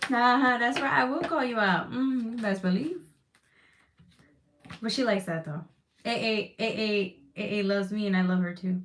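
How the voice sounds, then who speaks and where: A woman's voice: medium pitch, normal speed, fairly bright tone, slight background noise. A woman giving a live tarot reading to her chat, emphatic and reassuring, repeating phrases, swearing casually and getting emotional. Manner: emotional, close to tears at times. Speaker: tarot reader.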